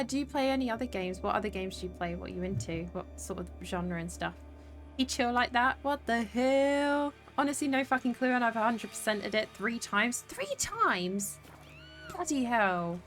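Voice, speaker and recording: A woman's voice: medium pitch, normal speed, a bit bright, faint music behind. A young woman with a southern English accent, streaming a game and chatting to viewers, chatty and sweary with frequent laughs. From southern England. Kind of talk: casual gaming livestream chat.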